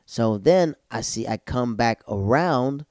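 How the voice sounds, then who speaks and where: Comedian guy telling a story, keeps jumping into loud high voices, normal pitch, dry room. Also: animated, takes it slowly, no echo. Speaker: stand-up comedian. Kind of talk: casual comic storytelling.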